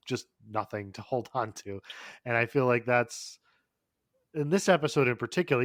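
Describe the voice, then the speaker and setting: A man's voice: mid-range voice, dry recording, studio quality. A man co-hosting a podcast in casual chat, talking in long rambling runs with frequent fillers, restarts and swearing. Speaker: podcast co-host.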